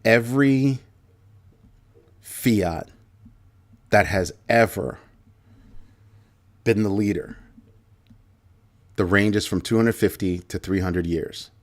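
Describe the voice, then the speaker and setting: A man's voice: fairly low pitch, takes it slowly, long pauses. A man hosting a livestream commentary, talking emphatically, repeating key phrases for effect and answering viewer comments as he goes. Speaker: show host.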